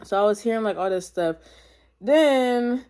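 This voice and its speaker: A woman's voice: medium pitch, fast, darkish tone, clean tone. Rambling young woman telling her story. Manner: rambling with many fillers; casual slang, addresses viewers as y'all. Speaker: vlogger. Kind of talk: storytime testimony.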